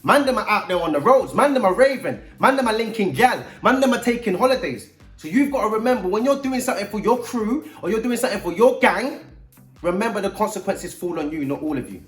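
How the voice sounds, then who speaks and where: A man with a London accent gives young listeners a blunt, emphatic talk, full of street slang and repeated hooks. His voice sits high for a man. The room around him is echoey and bare. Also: animated, fast talker, a bit bright, soft background music. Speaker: youth mentor. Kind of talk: direct-to-camera talk to young people.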